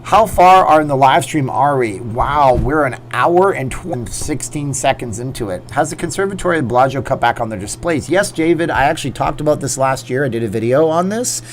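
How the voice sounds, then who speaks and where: A man's voice: medium pitch, lively intonation, brisk, few pauses, slight background noise. A man in his forties hosting a live chat Q&A from a green screen setup, reading viewer comments aloud and riffing on them in a loose, chatty way. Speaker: livestream host.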